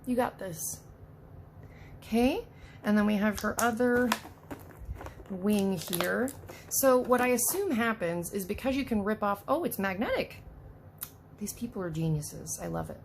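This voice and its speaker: A woman's voice: medium pitch, creaky, a little hiss or hum. A woman hosting a casual unboxing video, chatty and self-deprecating, talking to the doll as she works. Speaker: unboxing vlogger.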